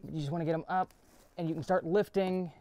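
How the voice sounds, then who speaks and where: A man's voice: on the high side, steady tone, fast, darkish tone. A man hosting his channel, casually explaining a repair step by step while he works in a workshop. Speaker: channel host. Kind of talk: casual how-to demonstration.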